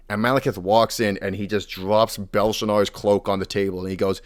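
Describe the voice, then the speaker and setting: A man's voice: on the low side, expressive, moderate pace, clean tone. A young man casually retelling fantasy lore as a podcast host, acting out the characters' lines as he goes.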